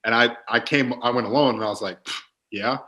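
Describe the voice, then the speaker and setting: A man's voice: mid-range voice, brisk, pushed and bright. Laid-back young man telling stories. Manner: laid-back storytelling, many fillers. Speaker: guest, pro football player. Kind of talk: casual podcast chat.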